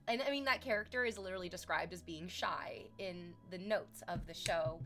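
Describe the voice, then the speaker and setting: A woman's voice: fairly low pitch, fairly bright tone. A young adult woman streaming, chatting casually and reflectively, candid and swearing freely. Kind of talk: casual chat.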